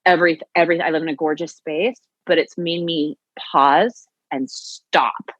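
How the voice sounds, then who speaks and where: A woman's voice: low-pitched, steady tone, moderate pace, fairly bright tone, dry recording, lo-fi sound. A woman who teaches yoga and Pilates, telling her story earnestly as a podcast guest. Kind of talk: conversational podcast interview.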